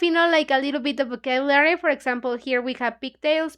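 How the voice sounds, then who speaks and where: An English book club teacher, a woman whose first language is Spanish, retells a story for learners in a high, somewhat bright voice at normal speed. She's chatty, constantly says "you know, like," and acts out the lines.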